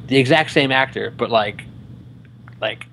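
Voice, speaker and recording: A young man co-hosts a casual film chat, talking in loose, rambling sentences full of "like". His voice sits at an ordinary middle pitch. A faint hiss of noise runs under the recording. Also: measured pace, gravelly, bright, forceful tone. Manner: rambling, heavy use of "like". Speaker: film show co-host.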